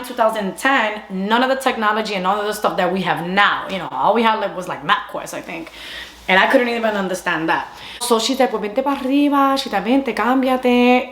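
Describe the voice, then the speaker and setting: A young woman tells a story in a casual, animated vlog style, sliding between English and Spanish as she talks. Her voice sits at a middle pitch. The sound carries the echo of a bare room. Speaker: storyteller vlogger. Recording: echoey room.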